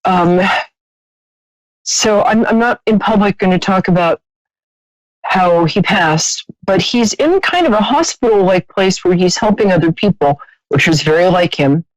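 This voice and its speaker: A woman's voice: fairly low pitch, expressive, unhurried, no echo, poor audio. Chatty woman hosting a psychic call-in show. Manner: chatty, warm-hearted, laughs often, trailing restarts. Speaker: psychic radio host. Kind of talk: live call-in psychic reading.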